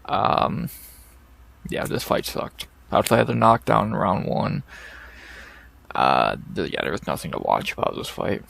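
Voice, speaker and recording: A man's voice: on the low side, sing-song, normal speed, creaky, a bit bright. A man hosting a casual fight recap, blunt and profane, ranting in exasperation into a desk microphone. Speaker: MMA podcast host.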